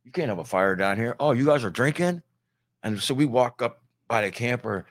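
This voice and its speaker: A middle-aged man from Ohio spins an easygoing road story about touring with a band. His pitch moves freely as he quotes the people he met. Relaxed, conversational chat. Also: normal speed. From Ohio, near Youngstown.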